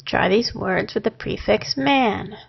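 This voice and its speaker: A woman teaching a phonics lesson, sounding out syllables and words one at a time with long pauses between them. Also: medium pitch, gravelly, slightly rough. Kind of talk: slow, deliberate phonics lesson. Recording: dull lo-fi recording.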